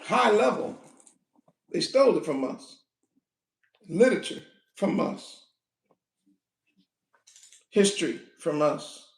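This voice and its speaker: A woman preaching a fiery sermon, animated, often shouting and breaking into laughter. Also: lowish voice. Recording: echoey room.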